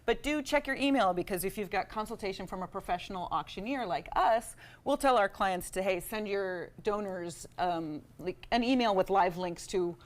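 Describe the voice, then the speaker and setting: A woman auctioneer chats brightly as a guest on a morning show. She talks in a cheerful, easygoing way and laughs often. Her voice sits in an ordinary middle range. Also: mid-range voice, animated, brisk. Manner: chatty and upbeat, laughs often. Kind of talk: casual TV studio chat.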